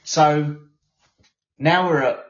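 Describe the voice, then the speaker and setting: A man's voice: fairly high pitch, steady tone, very slow. Swearing, jokey podcast co-host man. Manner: rambling, swears casually, jokey. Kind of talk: casual live podcast chat. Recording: echoey, dull lo-fi sound.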